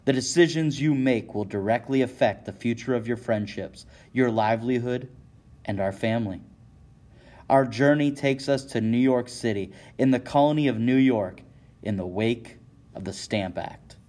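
A man's voice: medium pitch, moderate pace, darkish tone. A man giving dramatic scripted narration of an interactive story, addressing the listener directly. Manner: dramatic second-person storytelling.

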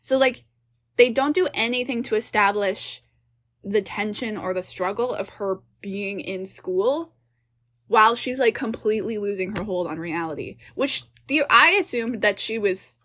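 A young woman co-hosting a casual film review chat, animated and exasperated, swearing casually as she picks apart the plot. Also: medium pitch, a little slow. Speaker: podcast co-host.

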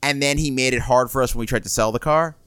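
A man's voice: mid-range voice, fast talker, a bit bright, smooth, dry recording. A man co-hosting a podcast in casual chat, blunt and crude, cheerfully vengeful. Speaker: podcast co-host.

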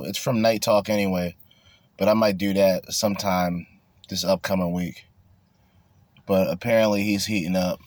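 A man's voice: fairly low pitch, no room sound. A man hosting a casual podcast, ranting bluntly and crudely with lots of swearing. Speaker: podcast host.

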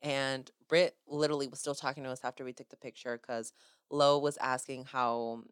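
Young female podcast host, low-pitched, close and dry, chatty and effusive. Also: normal speed, clear, resonant tone, no echo. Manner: gushing, animated storytelling with acted-out quotes. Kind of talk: casual chat.

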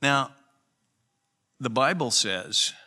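A man's voice: mid-range voice, expressive, very slow, pushed and bright. A pastor preaching a sermon in an earnest, conversational way, with emphatic rises in his voice. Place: church.

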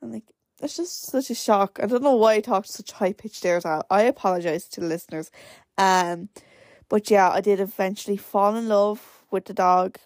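A woman's voice: mid-range voice, moderate pace, dry recording, clean studio sound. A nineteen-year-old Irish woman hosting her own podcast, rambling casually with lots of fillers. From Ireland. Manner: rambling, chatty, many "like" fillers. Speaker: podcast host. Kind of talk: casual solo podcast chat.

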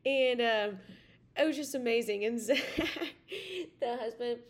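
A woman's voice: on the high side, steady tone, a little slow. A woman hosting a podcast, telling a story in a casual, rambling way full of "like" and "you know.". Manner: chatty, full of "like" and "you know", many restarts. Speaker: podcast host.

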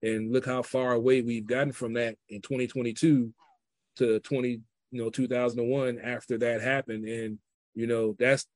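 A man's voice: medium pitch, little pitch movement, moderate pace, no echo. A man talking as a guest in a casual chat, reflective and earnest, with loose, rambling phrasing. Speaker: podcast guest.

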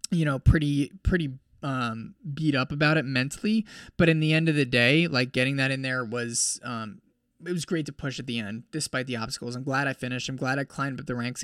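A man's voice: mid-range voice, clear, resonant tone, dry recording, studio quality. A young man casually retelling his ultramarathon finish as a podcast host, with lots of "like" and quoted dialogue. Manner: animated, heavy use of "like". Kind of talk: casual storytelling recap.

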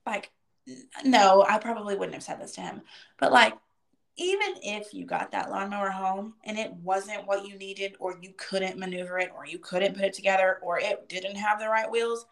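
Woman co-host, mid-pitched voice, emphatic and indignant in casual chat. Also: moderate pace, creaky. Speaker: podcast co-host.

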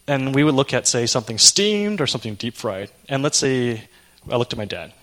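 Bright-voiced man preaching with animated storytelling. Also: mid-range voice, fairly quick. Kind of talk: sermon with personal story.

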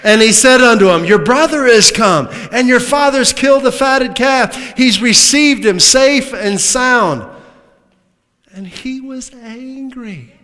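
High-voiced preacher in a reverberant hall. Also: male voice, slow. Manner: dramatic preaching that swings from loud emphatic lines to hushed asides; humorous asides with laughter. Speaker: pastor. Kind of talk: sermon. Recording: long reverb of a large hall.

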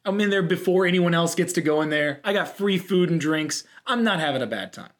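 A young man co-hosting a podcast, chatting casually and telling a story with lively slips into put-on voices. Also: a little high, brisk. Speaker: podcast co-host. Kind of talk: casual chat.

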